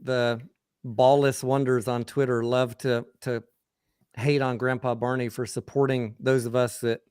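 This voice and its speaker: A man's voice: mid-range voice, little pitch movement, measured pace, darkish tone, clean tone, no echo, studio quality. A man hosting a casual live stream, upbeat and reading viewer chat aloud. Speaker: livestream host.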